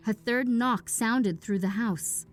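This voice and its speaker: A woman narrating a classic horror story in a hushed voice that often drops to a whisper. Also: a little high, takes it slowly, background noise. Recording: faint background music.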